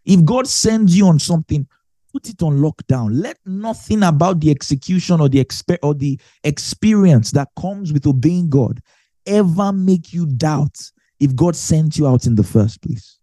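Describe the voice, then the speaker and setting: A man delivers a Bible teaching with a slightly husky, mellow voice that sits fairly high for a man. He is emphatic and lively, repeating key lines again and again to drive them home. The sound is close and dry. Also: normal speed, no echo. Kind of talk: sermon teaching.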